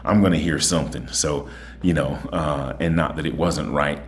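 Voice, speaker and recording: Male host, very low voice, folksy and chatty, a bit tired. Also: moderate pace, a little hiss or hum. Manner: chatty, folksy, repeats "okay?". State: voice a little tired. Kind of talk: casual monologue and phone chat.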